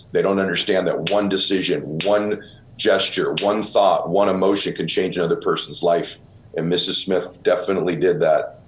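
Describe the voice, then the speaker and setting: A middle-aged man, host of the show, earnestly telling a personal story and getting choked up, calling the listener brother. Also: low voice. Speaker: podcast host.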